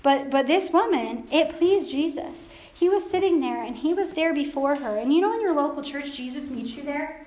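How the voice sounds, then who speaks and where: High-voiced woman preaching in church. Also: animated, moderate pace, a little mellow, reverberant. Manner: conversational, emphatic preaching with asides. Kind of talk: sermon. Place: church service.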